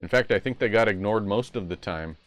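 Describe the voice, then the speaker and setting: A man's voice: fairly low pitch, fairly quick, no room sound. A man live-streaming retro games, chatting casually and rambling as he plays at home. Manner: rambling, self-correcting.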